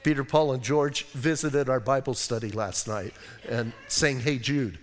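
A pastor preaching a conversational sermon, often saying "listen" and dropping in joking asides. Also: male voice, mid-range voice, measured pace, in a large hall, a little hiss or hum. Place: church sanctuary.

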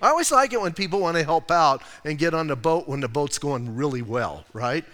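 A pastor preaches a sermon conversationally, tossing in rhetorical asides and sometimes acting out the voices of people he quotes. His voice is fairly high, animated, brisk and fairly bright, recorded with long hall reverb.

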